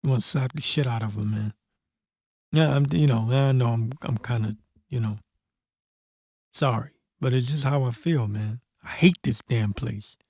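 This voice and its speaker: A man hosting a casual scripture commentary, blunt and profane, tossing in "man" often and reading verses slowly and deliberately. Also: mid-range voice, darkish tone, no room sound, studio quality. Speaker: host of a prophecy commentary channel.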